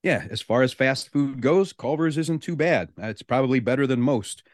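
Guy hosting morning radio, chatty and amused, mid pitch, dry studio sound. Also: normal speed, dry recording. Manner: relaxed, chatty, amused asides. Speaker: radio show host. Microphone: studio mic.

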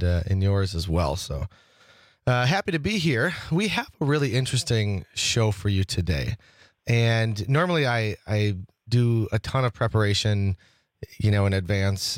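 A man hosting a talk radio show in a loose, chatty way, doubling back and restarting his sentences often. His voice sits on the low side. The sound is close and dry, with no room in it. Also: no room sound. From Wisconsin. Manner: rambling, with many restarts and fillers. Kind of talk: casual talk radio chat.

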